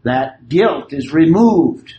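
Male Bible study teacher, slow deliberate delivery, checks that the class follows, echoey room. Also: fairly high pitch, lively intonation, warm tone, highs cut off, a little hiss or hum. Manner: often checks the class understands.

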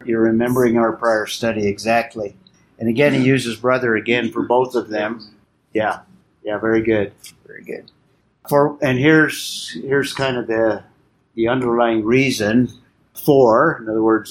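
A man teaching a Bible study class, explaining in a measured way and putting questions to his listeners. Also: mid-range voice, a little hiss or hum.

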